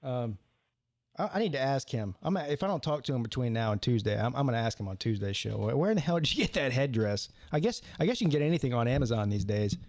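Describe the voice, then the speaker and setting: A man hosting a live call-in sports talk show, talking in an animated, rambling way with many restarts. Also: medium pitch, fast talker, no room sound.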